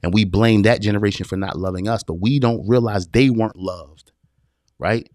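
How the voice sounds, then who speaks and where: A man's voice: lowish voice, normal speed, darkish tone, no echo. A man hosting a live-streamed talk for men. He is emphatic and repetitive, calls listeners brother, and answers viewer questions as they come in. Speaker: podcast host.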